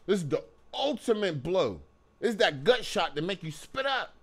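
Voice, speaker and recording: A man's voice: high-pitched, big pitch swings, moderate pace. Fuming, cursing sports fan man. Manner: heated, profane, repeats himself when worked up. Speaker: sports channel host. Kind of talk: angry sports fan rant to camera.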